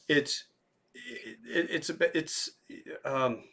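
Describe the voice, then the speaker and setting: A man hosting a podcast, telling a casual anecdote with many fillers and pauses. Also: fairly high pitch, sing-song, vocal fry, bright, forceful tone, husky. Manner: rambling anecdotes with hesitant fillers. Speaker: podcast host. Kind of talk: casual chat.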